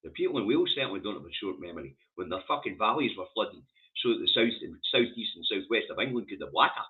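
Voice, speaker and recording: A man's voice: lowish voice, lively intonation, quick pace. A Scottish man hosting a news review stream, reading headlines and ranting about them with scorn and heavy swearing. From Scotland. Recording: tinny phone-like audio.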